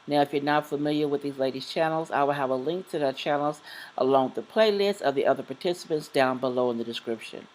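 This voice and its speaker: A woman's voice: low voice, fast talker, a little mellow, low-quality recording. A woman hosting her home cooking vlog, chatting through her ingredients in a plain show-and-tell way. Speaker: cooking channel host. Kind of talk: casual cooking vlog narration.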